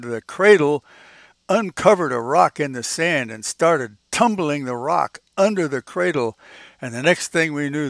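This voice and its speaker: An older podcast host with a creaky, somewhat bright voice on the high side tells old stories in a folksy, reminiscing way, chuckling often. The studio-quality recording has no echo.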